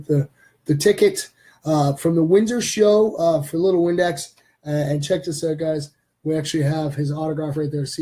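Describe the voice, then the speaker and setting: A man hosting a live stream in a loose, rambling way, filling gaps with lots of ums and uhs. His voice is husky and mellow, sitting a touch high for a man. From Canada. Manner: rambling with many fillers. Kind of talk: casual live stream chat.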